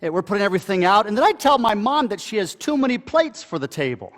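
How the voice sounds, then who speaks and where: A pastor delivering a dramatic first-person monologue during a church service, telling it in a conversational way with halting pauses and restarts. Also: male voice, sits high, sing-song, a bit bright. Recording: echoey hall with long reverb.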